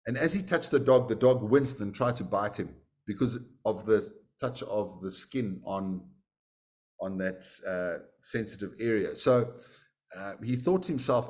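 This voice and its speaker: A man's voice: on the low side, measured pace, darkish tone. A man teaching a class, telling a story in a conversational way with many fillers. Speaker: meditation teacher. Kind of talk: storytelling in a lesson.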